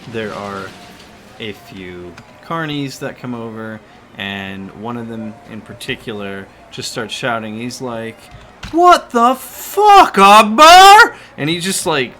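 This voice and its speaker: A man's voice: fairly low pitch, animated, unhurried, a bit bright. A man narrating a tabletop game as game master in a casual, rambling way with fillers, with faint background noise.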